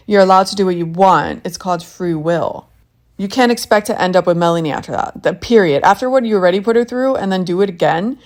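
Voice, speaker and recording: Woman, podcast host, blunt, opinionated, exasperated, casual chat, mid-pitched voice. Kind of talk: casual reality TV recap.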